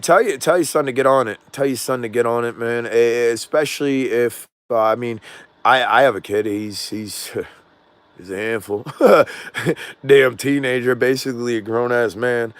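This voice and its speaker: A man's voice: mid-range voice, dry recording. A middle-aged man with a Southern US accent, hosting a casual drone livestream in a loose, rambling way with frequent laughs. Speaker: drone channel host.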